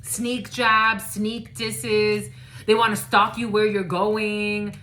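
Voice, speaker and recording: A woman's voice: medium pitch, flat delivery, slow, bright, forceful tone. Profane, rambling woman reader. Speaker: psychic channeler. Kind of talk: casual channeled reading.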